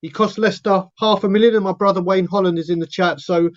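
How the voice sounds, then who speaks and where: A man's voice: sits high, steady tone, quick pace. A man on a casual live-stream panel, delivering long, emphatic rants and acting out what others might say. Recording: dull, lo-fi sound.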